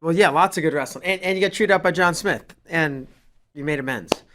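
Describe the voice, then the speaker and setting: Slightly high-voiced male interviewer. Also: brisk, fairly bright tone. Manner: rambling, hesitant questions. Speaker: podcast host. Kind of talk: interview questions.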